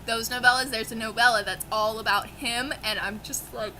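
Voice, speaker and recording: Brief: young woman book vlogger, bright and a little high, excitable and gushing, dry throat. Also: moderate pace, slight background noise, poor audio. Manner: gushing, excitable, swears casually. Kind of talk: casual monthly reading wrap-up.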